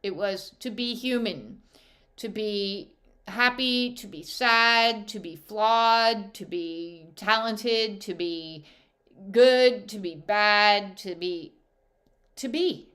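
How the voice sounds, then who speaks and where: A woman's voice: medium pitch, takes it slowly, fairly bright tone. A woman speaking as an intuitive counsellor, giving a heartfelt spiritual guidance talk with emphatic repetition.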